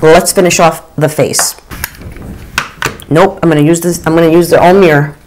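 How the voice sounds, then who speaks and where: A woman in her forties or fifties chatting through a makeup routine, gushing with frequent excited oohs. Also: deep voice, moderate pace, a little hiss or hum, poor audio. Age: 40s or 50s. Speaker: beauty vlogger. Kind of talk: casual makeup get-ready-with-me chat.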